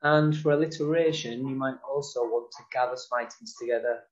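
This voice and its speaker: Man calmly explaining early phonics. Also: medium pitch, muffled recording. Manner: demonstrates sounds slowly and explicitly. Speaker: nursery teacher. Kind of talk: instructional talk to parents.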